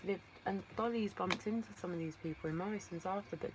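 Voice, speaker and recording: Speaking fast in a mid-range voice, an English livestream host chats casually from a distant phone over background noise. She rambles fondly, calls her viewers darling, and her voice is tired from talking all day.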